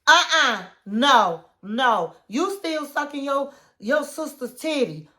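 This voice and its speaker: A woman acting out an angry young woman who shouts down her boyfriend and will not let him speak. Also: sits high, animated, slow, full character voice. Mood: angry, dismissive. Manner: loud, cutting in, dismissive.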